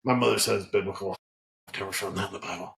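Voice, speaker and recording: Man telling an animated, profane story. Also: deep voice, fast, vocal fry, poor audio. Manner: animated, profane, frequent restarts. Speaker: guest, head distiller. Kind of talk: casual storytelling.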